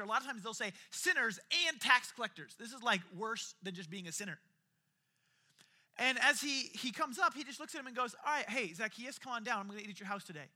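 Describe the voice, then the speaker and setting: A male pastor delivers a sermon in a casual, talkative way. His voice is high and very bright, and he slips in wry asides. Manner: conversational and animated, with jokey asides.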